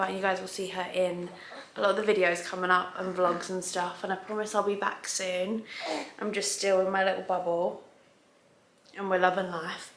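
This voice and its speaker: A woman's voice: mid-range voice, sharp tone, a little hiss or hum. A woman vlogger telling a long story to the camera at home, chatty and rambling, often stopping to restart a sentence. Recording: roomy echo.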